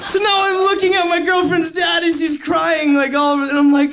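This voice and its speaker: Young man, live storyteller, high lively voice, keeps laughing, says "like" a lot, noisy live recording. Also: moderate pace, creaky, hardly any pauses, raised voice, a loud crowd. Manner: animated, laughing often, heavy use of "like". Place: stage at a live storytelling event.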